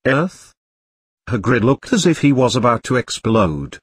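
A man narrating a parody storybook in a deadpan, steady reading. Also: medium pitch, normal speed, breathy edge, no room sound, clean studio sound.

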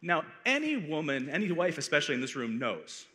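High bright guy from arizona telling a funny story on stage, lively and playful, big echoey hall. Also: a little fast, husky. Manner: animated, playful, building comic tension. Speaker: conference speaker. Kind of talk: comic storytelling talk. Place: large conference hall.

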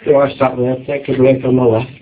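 A man, performing a stand-up routine on a comedy club stage and acting out shouted quotes. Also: mid-range voice, a little fast. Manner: lively storytelling, acts out shouted quotes. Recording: dull lo-fi club recording.

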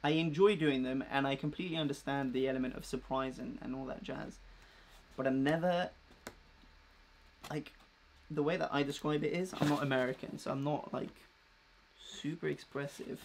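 A man's voice: a little high, steady tone, normal speed, long pauses, background noise. A young man chatting casually and rambling with slang while unboxing a new clothing order on a live vlog. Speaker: fashion vlogger.

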